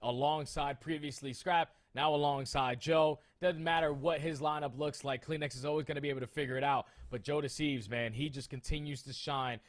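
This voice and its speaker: A man's voice: fairly high pitch, steady tone, brisk, few pauses. A man casting an esports match with hyped enthusiasm and casual slang. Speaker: esports caster. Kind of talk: esports desk commentary.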